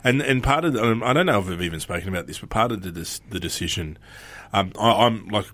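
A man's voice: on the low side, lively intonation, fast talker, fairly bright tone. An Australian man in his forties hosting a podcast, chatting casually and rambling, acting out quoted phrases. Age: 40s. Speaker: podcast host. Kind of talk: casual chat.

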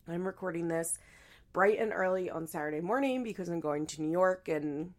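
A young woman hosting her own podcast in casual solo chat, hoarse and stuffy-nosed from allergies, talking chattily with frequent laughs and restarts. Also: lowish voice, normal speed. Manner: chatty, laughs often, many fillers and restarts. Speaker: podcast host.

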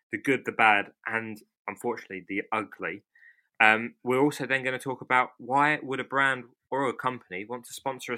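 A man's voice: medium pitch, bright, forceful tone. A man, hosting a casual podcast in a chatty, upbeat way. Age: 20s. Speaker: podcast host.

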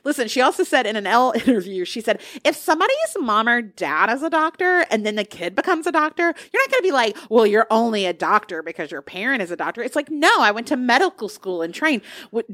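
A woman co-hosting a casual pop culture podcast, telling stories in an emphatic, animated way. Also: fairly high pitch, fast, few pauses, no room sound, clean studio sound. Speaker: podcast co-host.

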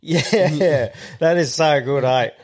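A man's voice: a little high, takes it slowly. An Australian man co-hosting a podcast, full of crude jokes and easy laughter. He chats casually, reacting to listener messages with swearing and banter. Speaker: podcast co-host.

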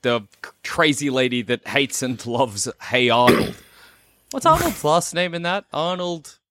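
Brief: lively male host, animated and bright, joking casual chat. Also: medium pitch, measured pace, no echo. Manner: playful, jokey, laughs often. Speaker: podcast host reviewing games.

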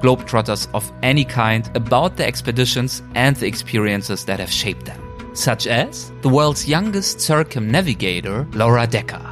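A man with a German accent, a native German speaker, hosting a podcast and reading a measured, earnest scripted introduction. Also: mid-range voice, animated, a bit bright, soft background music. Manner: earnest, measured, slightly lofty. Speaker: podcast host.

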